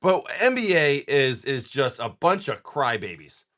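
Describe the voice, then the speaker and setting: A man's voice: mid-range voice, sing-song, unhurried, fairly bright tone. A man hosting a live card-selling stream, chatting casually and telling a rambling, joking story. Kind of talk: casual chat.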